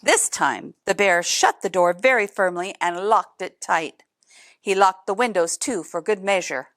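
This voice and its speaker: A woman reading a picture book aloud in an expressive way, adding chatty asides to young listeners. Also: mid-range voice, a little slow, no echo, studio quality. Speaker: storybook reader.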